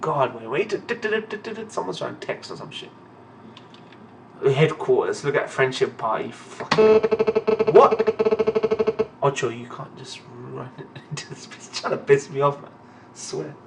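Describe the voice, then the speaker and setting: A young man reading a manga aloud and reacting in a casual, profane, excitable way. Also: mid-range voice, normal speed, creaky, distant mic, noisy background.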